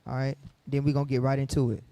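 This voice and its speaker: A man teaching from the Bible to a group, fiery and preachy, firing questions at the room and rising to shouts. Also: medium pitch, little pitch movement, fast, no room sound.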